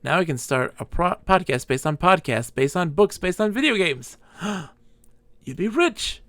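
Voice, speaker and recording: A man's voice: fairly high pitch, animated, normal speed, a bit bright, no room sound. A drunk man streaming a game live, rambling and giggling as he talks, sometimes squealing and sometimes murmuring. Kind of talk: live gameplay commentary.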